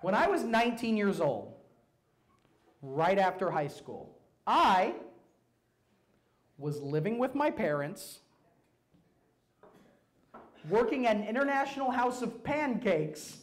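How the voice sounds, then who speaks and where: A young man doing a stand-up routine, telling profane stories in a brash, animated way on a club stage. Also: sits high, takes it slowly, pauses often. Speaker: stand-up comedian. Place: comedy club stage before a live audience.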